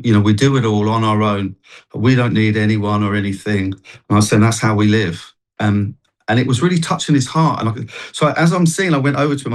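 Man, evangelist, testimony, animated, restarts. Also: mid-range voice. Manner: animated storytelling, many restarts. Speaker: street evangelist and worship singer. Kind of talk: testimony in a Christian talk show interview.

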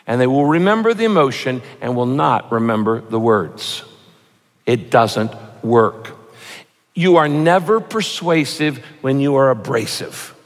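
A man's voice: medium pitch, long reverb tail. A man preaching a sermon as a pastor, with punchy rhyming lines and mock voices for his examples.

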